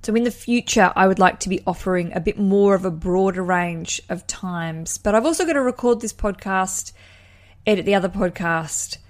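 A woman hosts her own podcast in an easygoing solo chat. She talks in a chatty, self-deprecating way, and her voice sits at a middling pitch for a woman. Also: moderate pace. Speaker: podcast host.

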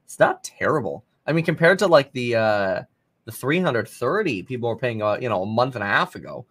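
A man hosting a live stock market stream, giving casual running commentary with sudden excited outbursts. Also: medium pitch, a little fast. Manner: casual, thinking aloud, bursts of excited exclamations. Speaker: stock market livestream host.

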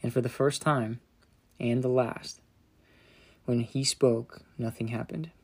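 A man narrating a children's Bible story with gentle, dramatic storytelling that softens in solemn moments. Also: medium pitch, steady tone, takes it slowly, slightly rough.

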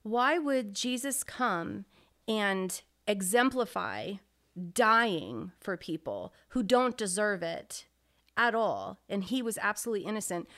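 A woman's voice: medium pitch, a bit bright. A middle-aged woman co-hosting a faith podcast, telling a story earnestly with many restarts. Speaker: podcast co-host. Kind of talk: casual faith podcast talk.

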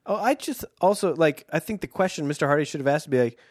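A man co-hosting a casual book podcast, joking between passages he reads aloud. His voice swings widely in pitch, and the sound is dry and close. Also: animated, fast, a little mellow, dry recording. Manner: joking, acts out quoted lines. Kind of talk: casual chat and playful read-aloud.

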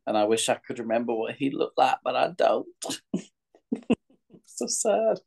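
A man's voice: medium pitch, very animated, unhurried, creaky, a little mellow. A British man co-hosting a podcast in casual chat, a self-mocking storyteller who laughs often. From Britain. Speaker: podcast co-host.

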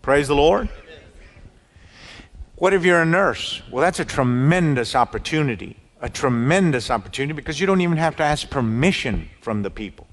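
A man preaching a sermon, telling stories with lively quoted dialogue. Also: on the high side, normal speed. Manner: animated storytelling, quoting people in dialogue. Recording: reverberant hall.

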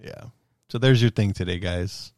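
A man's voice: deep voice, moderate pace, darkish tone, no room sound, studio quality. A man co-hosting a casual chat podcast, joking and laughing a lot. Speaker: podcast co-host.

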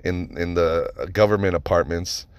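A man hosting a podcast, telling stories in a casual monologue, animated and profane, with lots of rhetorical questions. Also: low voice, unhurried, smooth, no room sound. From United States (Nevada). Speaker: podcast host.

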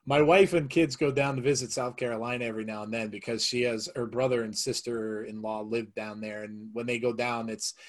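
A man's voice: medium pitch, fairly even intonation, brisk, hardly any pauses. Easygoing male podcast host. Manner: easygoing, affirming, laughs a lot. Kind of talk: casual podcast chat.

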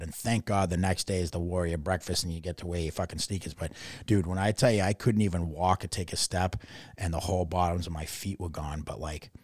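A man's voice: low-pitched, dry recording, studio quality. A young man on a casual podcast, telling army stories with lots of swearing and acting out what people said. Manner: profane, animated storytelling, acts out quotes. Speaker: army veteran guest.

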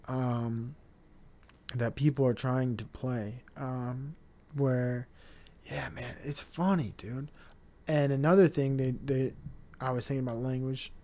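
A young man talks loosely into his podcast mic, cursing freely and wandering from one thought to the next. His voice sits at a middling pitch, and now and then he slips into mocking impressions of other people. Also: dark tone. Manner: profane, rambling, mocking voices. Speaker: podcast host. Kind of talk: casual solo podcast rant.

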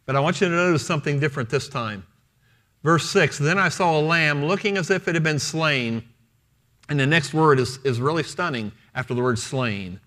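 Forceful bright-voiced male preacher. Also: on the high side, normal speed. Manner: emphatic, repeats key phrases for stress; retells scripture in first person as the apostle. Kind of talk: sermon.

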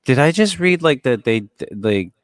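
A man's voice: medium pitch, sing-song, moderate pace, dry recording, clean studio sound. A middle-aged man co-hosting a podcast in casual chat, swearing freely, rambling and laughing often. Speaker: podcast co-host.

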